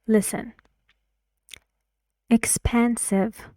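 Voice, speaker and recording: A woman teaching English pronunciation, modelling each word loudly, repeating it, and giving soft explanations in between. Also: fairly high pitch, little pitch movement, drawn-out words, dry recording, clean studio sound. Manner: models words loudly and repeats them, drops to soft asides. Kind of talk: slow, deliberate pronunciation lesson.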